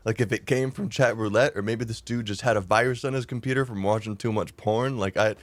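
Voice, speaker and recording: A young man tells a storytime vlog in a casual, rambling way, swearing freely and laughing at himself. His voice sits a little low. The recording is close and dry with no room sound. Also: steady tone, brisk, no room sound. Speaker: YouTuber.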